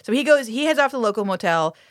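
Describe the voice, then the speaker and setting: A woman's voice: on the high side, expressive, racing, dry recording, studio quality. A woman co-hosting a podcast, recapping a TV episode in casual chat full of swearing, fillers and laughter. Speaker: podcast co-host.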